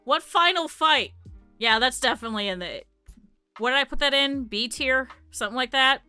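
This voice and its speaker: A woman's voice: high-pitched, expressive, normal speed, pushed and bright, clean tone, no room sound. A woman streamer chatting casually with her viewers, swearing a lot and laughing often. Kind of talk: casual live-stream chat. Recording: faint music behind. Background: faint background music.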